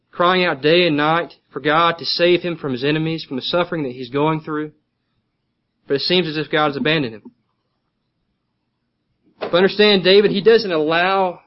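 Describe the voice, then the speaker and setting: Brief: man, fairly high voice, earnest Bible teacher working verse by verse, lo-fi recording. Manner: earnest, repeats key points for note-taking. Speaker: preacher.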